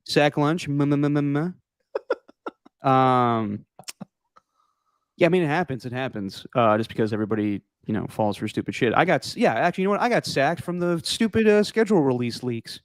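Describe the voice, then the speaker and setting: Opinionated man, smooth dry podcast voice. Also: medium pitch, lively intonation, moderate pace, no room sound. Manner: rambling, opinionated, swears casually. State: losing his voice. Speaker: podcast host. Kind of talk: casual sports talk.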